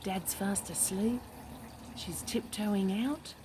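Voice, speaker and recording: A woman reading a picture book aloud to children, animated, with gasps, hushed asides and questions to the listener. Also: mid-range voice, slow, background noise. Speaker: storybook reader.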